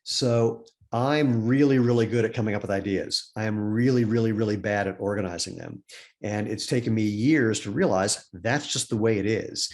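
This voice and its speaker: A man's voice: on the low side, normal speed, a little mellow. An older man, a company founder and podcast guest, chatting casually over a video call and telling rambling stories. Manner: rambling, acts out quoted voices in anecdotes. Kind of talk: casual storytelling conversation.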